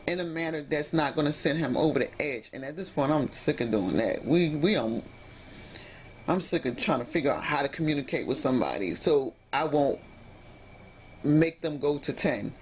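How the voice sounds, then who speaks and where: A woman's voice: deep voice, a little hiss or hum. A woman vlogging about personal drama, emotional and rambling, often restarting her sentences. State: emotionally upset. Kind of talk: emotional storytime vlog.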